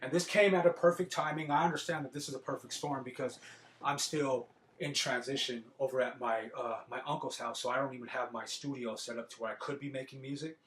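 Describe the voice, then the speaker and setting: A man talking loosely into a podcast mic, swearing freely and doubling back on his words as he gets animated. His voice sits at an ordinary pitch for a man. The room has a noticeable roomy echo. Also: a little fast, a little hiss or hum. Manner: profane, animated street talk with repeated words. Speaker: podcast host. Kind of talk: casual monologue.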